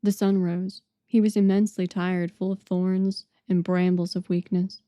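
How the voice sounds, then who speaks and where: A woman narrating an audiobook in a measured, dramatic way. Her voice is dark and mellow. The recording is dry and close, with no room sound. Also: on the low side, flat delivery, no echo.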